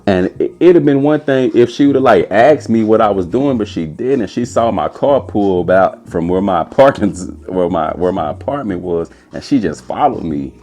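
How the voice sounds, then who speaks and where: A young man telling a casual, animated story as a podcast host, putting on a high voice for quotes. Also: normal speed, hardly any pauses.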